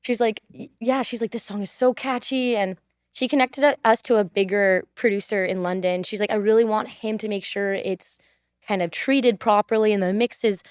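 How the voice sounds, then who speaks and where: A woman's voice: mid-range voice, normal speed, smooth, no echo. A young woman with an American accent, a singer chatting casually as a studio podcast guest, who laughs often. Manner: chatty, laughs often, repeats thank you. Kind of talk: casual interview chat.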